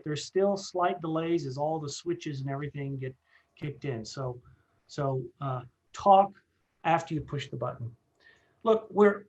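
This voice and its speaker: A man's voice: on the high side, muffled recording. A middle-aged man leading a radio communications training session, earnest and repetitive, with many fillers and restarts. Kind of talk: training presentation.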